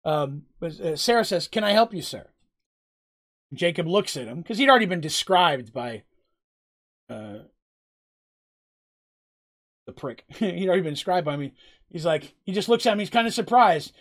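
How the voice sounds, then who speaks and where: Game master guy rambling thru his world lore, lots of ums, laughs a lot, kinda high voice. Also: very animated, normal speed, long pauses, fairly bright tone. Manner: rambling, heavy on fillers, laughs often. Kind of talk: casual tabletop storytelling and Q&A.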